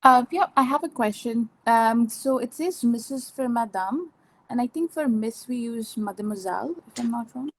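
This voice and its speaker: Woman student on a call, slightly high voice, hesitant, lots of fillers. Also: moderate pace, rough recording. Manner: hesitant, many fillers, laughs easily. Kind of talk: asking questions in class.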